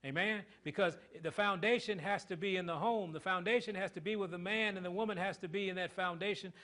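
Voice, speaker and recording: A middle-aged man with a high voice delivers a sermon to his congregation. He preaches in call-and-response fashion, throwing questions at the listeners. His delivery swings from loud, emphatic lines to hushed ones. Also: brisk. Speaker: pastor.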